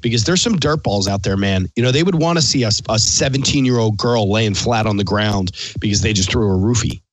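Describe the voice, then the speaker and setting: A man's voice: on the low side, fairly quick, dry recording, rough recording. Blunt, profane podcast host man. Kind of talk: casual podcast chat.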